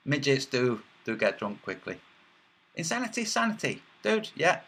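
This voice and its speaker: A man's voice: a little high, fairly bright tone, a little hiss or hum. A man hosting a casual livestream, reading chat messages aloud in a rambling, mocking way with many filler sounds.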